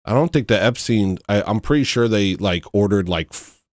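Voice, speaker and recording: A man's voice: lowish voice, animated, normal speed, no room sound, studio quality. Blunt rambling man on a livestream. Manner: rambling and blunt, frequent restarts. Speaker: livestream host. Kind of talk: casual livestream rant.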